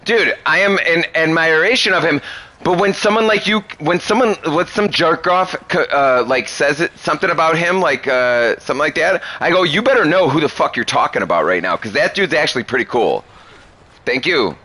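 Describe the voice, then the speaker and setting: A man's voice: a little high, animated, fairly quick, pushed and bright, dry recording. Rowdy, foul-mouthed young man gamer. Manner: rowdy, crude, rambling, laughs a lot. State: tipsy. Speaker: gaming streamer. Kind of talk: casual gameplay chat.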